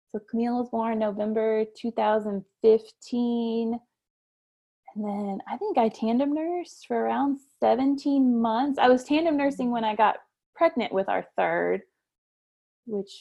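A woman's voice: a little high, gravelly, darkish tone, lo-fi sound. A woman in her thirties, a guest chatting casually about her birth stories, laughing often and acting out what people said. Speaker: guest mother sharing her birth story. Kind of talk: casual storytelling interview.

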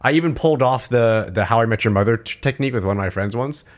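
A man's voice: mid-range voice, fast talker. A young man co-hosting a casual podcast, telling rambling stories and acting out the voices of people in them. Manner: rambling storyteller who acts out quoted voices. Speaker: podcast co-host.

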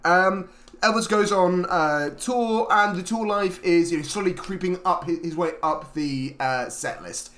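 A man's voice: high voice, unhurried, a bit bright. Hesitant man recapping a film. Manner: hesitant, many "uh" fillers while recapping. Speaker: podcast co-host. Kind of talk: casual film review chat.

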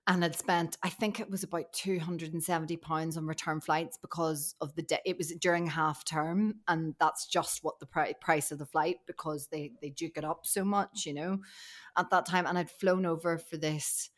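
A woman's voice: sits low, normal speed. A woman with a Northern Irish accent, an actress telling stories in a casual, chatty interview, often laughing. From Northern Ireland. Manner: chatty, animated storytelling with laughs. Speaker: actress guest. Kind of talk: casual chat.

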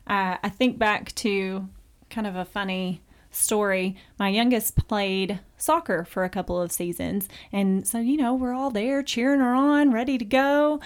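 A woman's voice: mid-range voice, a little slow, clean tone. A middle-aged woman hosting a podcast discussion, talking in a matter-of-fact way and telling stories with animation. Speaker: host.

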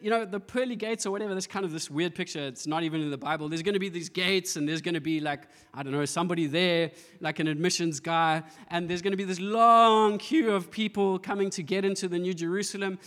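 A man's voice: high-pitched, fairly quick, few pauses, fairly bright tone, big-room sound. A man pastor preaching a sermon, telling stories with playful acted-out asides. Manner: storytelling with playful voiced asides and laughter.

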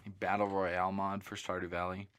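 Teasing low-voiced man chatting casually. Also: monotone, brisk, a bit bright. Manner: teasing, blunt, dry jabs. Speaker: podcast co-host. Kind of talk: casual chat.

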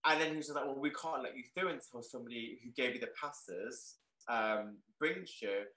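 A young man tells a story as an interview guest in a bright, ringing voice, excitable and leaning on "like" as he goes. The sound carries a roomy echo. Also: medium pitch, normal speed. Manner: excitable, peppered with "like", animated retelling. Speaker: guest, clothing shop owner.

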